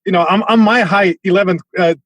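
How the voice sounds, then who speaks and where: Animated storytelling man, dry close sound. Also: high-pitched, brisk, no room sound. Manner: animated, acts out voices, many restarts. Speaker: comedian guest. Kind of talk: casual storytelling chat.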